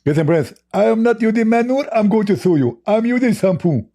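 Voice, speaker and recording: A man with an Arabic accent putting on a squeaky, whiny voice to mock a male debate opponent, in a taunting, petulant tone. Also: expressive, brisk, mellow.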